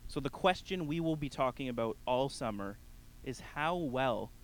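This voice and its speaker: A man preaching a sermon, addressing the congregation directly, rising to emphatic peaks and then dropping to a soft, quiet close. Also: medium pitch, lively intonation, moderate pace, low-quality recording. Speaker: pastor.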